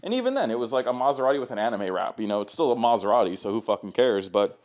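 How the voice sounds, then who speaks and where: A young man talks straight to his viewers in a loose, rambling way and swears freely. His voice sits at an ordinary middle pitch. He sounds like a car content creator swapping stories. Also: lively intonation, very fast, a little mellow. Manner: profane, laid-back, rambling. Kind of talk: casual storytelling to camera.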